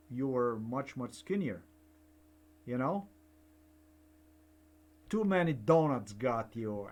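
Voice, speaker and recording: An older man, giving rambling personal commentary that repeats and digresses. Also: medium pitch. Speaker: vlogger.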